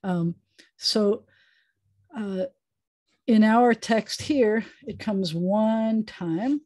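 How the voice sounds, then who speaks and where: A woman rabbi teaching a Hebrew reading lesson over a video call, patient and chatty with playful asides, sounding out letters slowly. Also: medium pitch, a little mellow, no room sound.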